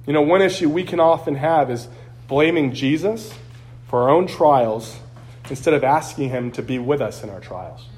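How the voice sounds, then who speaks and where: A man's voice: fairly high pitch, lively intonation, normal speed, darkish tone. A man preaching a sermon as pastor, earnest and conversational, acting out quotes along the way.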